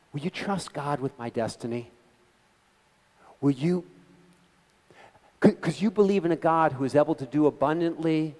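A middle-aged man giving an animated, conversational talk to a gathering, telling stories with quoted voices and frequent restarts. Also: mid-range voice, in a large hall. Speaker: guest speaker. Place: meeting hall.

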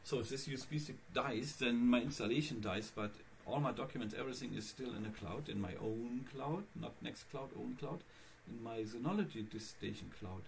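A man's voice: mid-range voice, normal speed, creaky, few pauses, a little hiss or hum. A man vlogging casually about his computer setup, rambling and talking straight to his viewers. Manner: rambling, chatty, addressing viewers. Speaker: Linux vlogger. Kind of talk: casual screencast vlog.

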